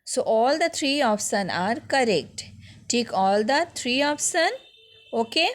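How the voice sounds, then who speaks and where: A woman's voice: on the high side, lively intonation, slow. A woman school teacher with an Indian English accent, going through a lesson for young children patiently and step by step, often checking with "okay?".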